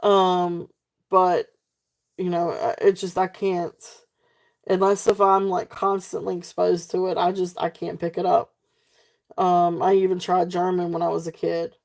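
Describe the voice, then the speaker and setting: A woman with a Southern twang hosts a live jewelry sale in an easygoing, rambling way. Her voice sits a little low and sounds soft and mellow rather than bright. She chats loosely with her viewers, drifting onto tangents and laughing often. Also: little pitch movement, measured pace, gravelly. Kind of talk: casual live-stream selling chat.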